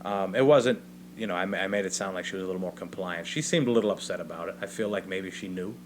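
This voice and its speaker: Recording by himself in a basement at home, a young male podcaster spins a rambling, foul-mouthed comic story, repeatedly checking in with "right?". His voice is deep and laid-back, and he talks fast. There's a faint background hum.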